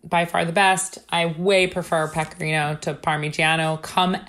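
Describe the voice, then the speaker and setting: A woman's voice: fairly low pitch, level tone, moderate pace, fairly bright tone. Blunt Long Island woman chatting. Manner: blunt, swears casually, laughs often. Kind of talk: casual chat.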